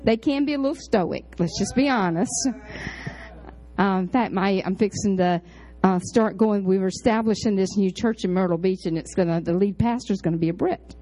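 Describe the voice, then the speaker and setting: A woman pastor tells a chatty story in a sermon, animated and full of high exclamations and low asides. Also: normal speed, rough recording.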